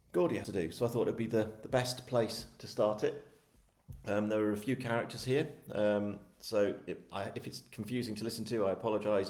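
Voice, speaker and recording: Chatty, self-deprecating man, low voice. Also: darkish tone. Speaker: author hosting a live book launch. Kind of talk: casual live-stream chat. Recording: echoey room.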